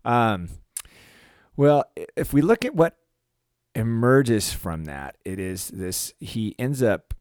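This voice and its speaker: A man's voice: medium pitch, very animated, slow, a little mellow, dry recording, clean studio sound. A man who teaches, talking through a novel in casual discussion, thoughtful and hesitant with many fillers and restarts.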